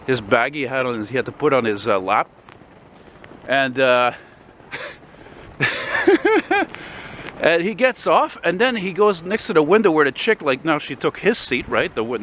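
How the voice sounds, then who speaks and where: A man talks as he walks outdoors through a snowy city, holding his own camera. He rambles and swears his way through a story in an everyday mid-pitched voice. Faint street traffic hums behind him. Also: a bit bright. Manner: profane, ranting, rambling storyteller. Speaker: vlogger. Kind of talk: casual walking vlog storytelling.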